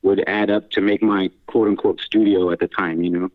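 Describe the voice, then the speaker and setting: A man's voice: low voice, flat delivery, a little fast. A man, a house music DJ and producer, telling his story as an interview guest in a rambling, laughing way with many restarts. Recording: tinny phone-like line.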